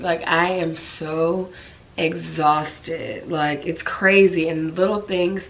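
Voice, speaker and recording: A woman vlogger chatting casually to camera, hoarse and raspy from a cold, easily out of breath, talking in a friendly way full of likes and ums. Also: low voice, steady tone, takes it slowly.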